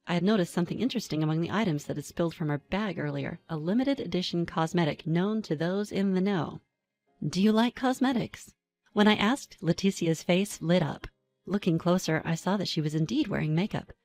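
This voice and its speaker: A woman telling a first-person story in a calm, even way, with dry asides. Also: on the low side, fairly quick, faint music behind. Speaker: narrator.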